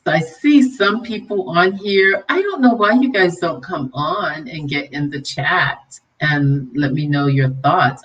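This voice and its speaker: On a casual livestream, a deep-voiced woman vlog host moves from conviction-filled preaching and scolding to chatty banter and laughter with viewers. She's positioned slightly away from the mic, so her commentary sounds a bit distant.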